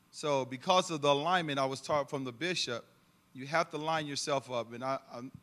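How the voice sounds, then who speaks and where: A man's voice: a little high, bright, forceful tone. A man giving an emotional church testimony, earnest and preaching to the congregation.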